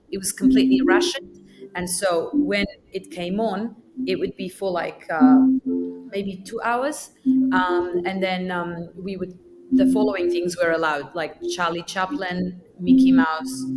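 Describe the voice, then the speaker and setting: A woman from Iraqi Kurdistan whose first language is Kurdish, a podcast guest telling personal stories in a lively way, often repeating words as she restarts. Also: fairly low pitch, low-quality recording. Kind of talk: personal storytelling.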